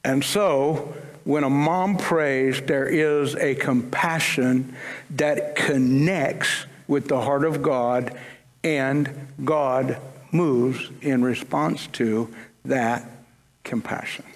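A man's voice: medium pitch, steady tone, extremely slow. A man preaching a sermon to his congregation, casual and conversational, with humorous asides. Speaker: pastor. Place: church sanctuary. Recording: long church-hall reverb.

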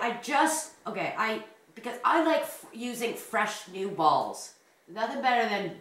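A woman hosting a crochet video, chatting casually, rambling and laughing often. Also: fairly high pitch. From Canada. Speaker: crochet channel host. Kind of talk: casual chat. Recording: roomy, distant mic.

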